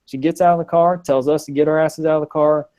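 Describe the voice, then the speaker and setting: A man in his thirties, a guest on a casual video-call interview, tells a personal story animatedly with frequent ums and restarts. His voice is a little high and fast, recorded cleanly.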